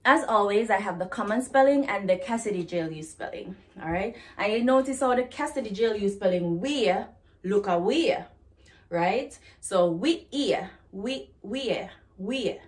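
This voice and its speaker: A woman's voice: mid-range voice, lively intonation, moderate pace. A woman from Jamaica with a Jamaican accent, teaching patois phrases in a chatty, casual lesson and laughing at herself now and then.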